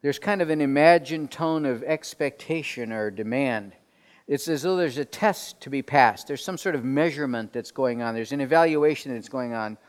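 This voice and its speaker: A man leading a group Bible study in a conversational sermon style, asking questions and swinging from soft to emphatic. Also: medium pitch, moderate pace, clear, resonant tone. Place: room with people around tables. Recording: long hall reverb.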